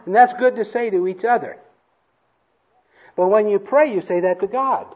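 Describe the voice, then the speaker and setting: A man preaching a sermon to a congregation, slow and emphatic, having them repeat lines after him. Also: high voice, lo-fi sound. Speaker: pastor. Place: church hall before a congregation.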